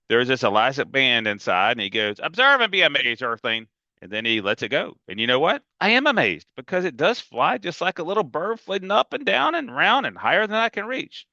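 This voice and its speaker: A man's voice: medium pitch, bright, forceful tone, no echo, lo-fi sound. A man reading a novel aloud in a casual, emphatic first-person storytelling manner. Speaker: reader.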